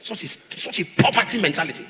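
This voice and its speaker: A man preaching a sermon as a pastor, emphatic, repeating phrases and rising to shouts. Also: high-pitched, expressive, quick pace, husky, big-room sound. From Nigeria.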